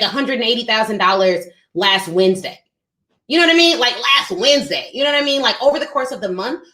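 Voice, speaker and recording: Woman, thirties, emphatic business pep talk, preachy, lively pitch, echoey room. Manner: emphatic, preachy, addresses listeners as y'all. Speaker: podcast host.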